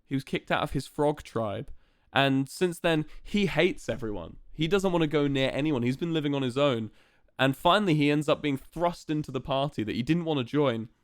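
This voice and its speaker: A man's voice: fairly high pitch, expressive, moderate pace, no room sound, studio quality. A young man streaming live, chatting casually and playfully to his viewers with lots of fillers.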